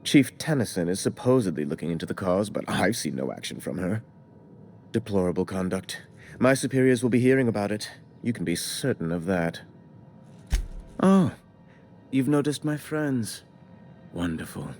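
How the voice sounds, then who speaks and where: An actor playing a prim, self-pitying corporate official in a video game, speaking in clipped, theatrical formal diction. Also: male voice, fairly low pitch, animated, moderate pace, pauses often, a little mellow, faint music behind, natural voice. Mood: fussy. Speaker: corporate board representative. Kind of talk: video game character dialogue.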